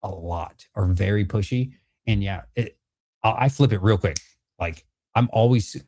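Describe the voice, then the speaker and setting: A man's voice: fairly low pitch, moderate pace, mellow. A man, a father and card vendor, casually telling his viewers a haggling story, swearing freely and acting out both sides of the deal. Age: adult with a child. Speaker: card vendor and channel host.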